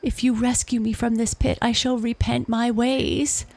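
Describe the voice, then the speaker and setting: A woman's voice: little pitch movement, moderate pace, gravelly, darkish tone, slightly rough. A woman voicing a desperate male wolf who begs his false friend to save him. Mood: pleading. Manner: pleading, high and strained. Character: pleading desperate male wolf, trapped and begging.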